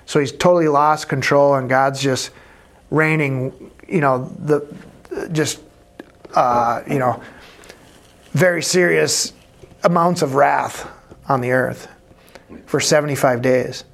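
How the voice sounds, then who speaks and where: A man's voice: mid-range voice, steady tone, takes it slowly, creaky, pauses often, a bit bright. A man teaching a conversational Bible study, thinking aloud and correcting himself as he explains.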